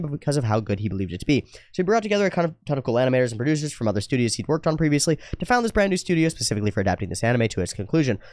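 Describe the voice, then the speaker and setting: Animated swearing man in a dry room. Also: medium pitch, no room sound. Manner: animated, swears freely, slips into mocking put-on voices. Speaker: anime reaction host. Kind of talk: casual commentary reading viewer comments.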